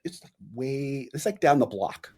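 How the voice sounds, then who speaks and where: Man in his 40s, podcast guest, animated storyteller, lively swooping pitch. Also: measured pace, breathy edge. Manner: animated storyteller, acts out quoted voices. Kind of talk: casual interview chat.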